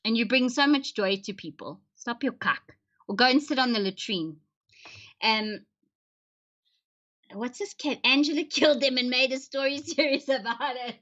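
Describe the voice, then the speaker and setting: Woman, casual livestream chat, joking, bright tone, muffled lo-fi sound. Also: high-pitched, moderate pace. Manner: chatty, joking, laughs often, acts out family voices. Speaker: livestream host. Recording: dull lo-fi stream audio.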